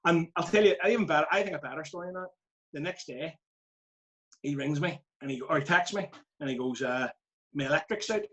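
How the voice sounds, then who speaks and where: A Northern Irish football manager, a guest on a casual podcast, telling lively anecdotes and laughing at his own stories. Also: a little high, brisk, low-quality recording.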